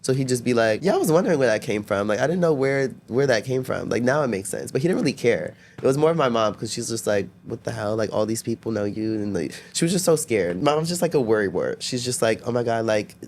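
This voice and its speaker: A man's voice: mid-range voice, expressive, fast talker, few pauses, darkish tone, slight background noise. A young man telling stories as a podcast guest, chatty, filling his talk with "like" and acting out what people said. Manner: chatty, constantly says "like", acts out quotes. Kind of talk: casual storytelling.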